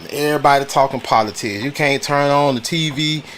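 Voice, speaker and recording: A man's voice: medium pitch, fairly quick, a bit bright, a little hiss or hum. Slangy man hosting a talk stream. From United States. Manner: slangy, repetitive, greets chat viewers between points. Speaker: livestream host. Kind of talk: casual political talk stream.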